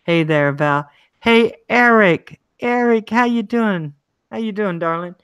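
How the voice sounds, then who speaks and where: A woman's voice: medium pitch, slow, fairly bright tone, smooth, dry recording, lo-fi sound. A woman livestream host with a Maryland accent, chatting casually, reading viewer comments and greeting people by name.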